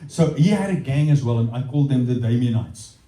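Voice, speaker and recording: A man's voice: mid-range voice, expressive, fairly quick, warm tone. A South African man with an Afrikaans accent, a pastor telling stories in a sermon and slipping between English and Afrikaans. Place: church hall. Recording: roomy hall, distant mic.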